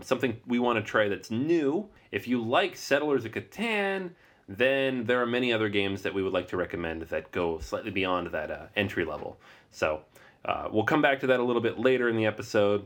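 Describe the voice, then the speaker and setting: Man from Seattle, board game podcast host, deep voice, casual banter. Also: brisk. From Seattle, US Pacific Northwest. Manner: relaxed, laughs often, rambling asides. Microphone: remote call recording.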